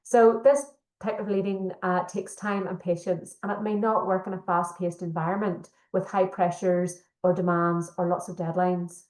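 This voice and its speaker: A woman's voice: fairly low pitch, flat delivery, moderate pace, few pauses, a little mellow. A woman facilitating a leadership training session, explaining steadily with frequent fillers. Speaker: workshop facilitator. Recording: echoey room.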